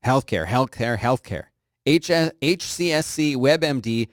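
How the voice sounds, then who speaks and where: A middle-aged man hosting a podcast, reading tech news in a casual, joking way and sometimes jumping into high silly voices. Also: sing-song, a little slow, no echo, studio quality. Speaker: podcast host.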